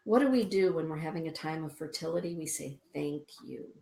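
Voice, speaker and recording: A woman's voice: low voice, lively intonation, quick pace, vocal fry, warm tone, roomy sound. A woman hosting a spiritual radio show, chatting with listeners and reading oracle cards aloud to them. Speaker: radio show host and card reader.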